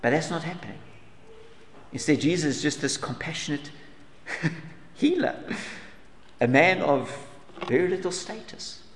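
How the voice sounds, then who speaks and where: A man preaching a sermon earnestly, asking rhetorical questions and dropping to soft asides. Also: a little high, animated, a little slow, long pauses, in a large hall, slight background noise. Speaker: pastor.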